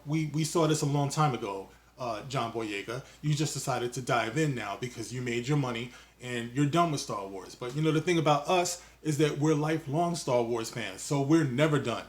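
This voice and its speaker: A man hosting his own video commentary channel, talking in a loose, mocking way with quick asides and jokes. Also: medium pitch. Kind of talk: casual opinion monologue.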